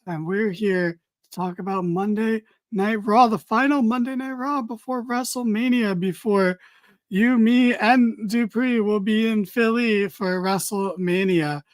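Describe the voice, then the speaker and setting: A man's voice: high voice, fairly even intonation, measured pace, no echo. A tired man co-hosting a casual wrestling podcast, rambling with dry, mock-serious humor. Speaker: podcast co-host.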